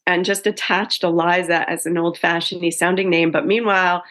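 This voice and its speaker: A woman's voice: lowish voice, flat delivery, brisk, fairly bright tone. A woman author in a casual interview, telling her story in a chatty way and often correcting herself mid-sentence.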